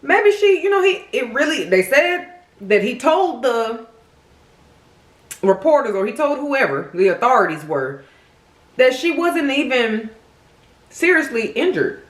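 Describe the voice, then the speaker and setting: A woman's voice: sits high, unhurried, pauses often. Sassy woman telling a crime story to her viewers, swoops up and down a lot, roomy echo. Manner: animated, sassy, talks straight to viewers. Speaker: mukbang host. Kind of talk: casual true-crime storytelling while eating.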